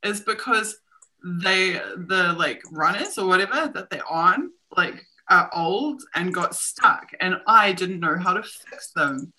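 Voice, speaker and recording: A woman's voice: fairly low pitch, lively intonation, slow pace, pushed and bright, low-quality recording. A woman with a New Zealand accent hosting a casual livestream chat from home, laughing often and poking fun at herself. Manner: chatty, laughs often, self-mocking. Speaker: host. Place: home room.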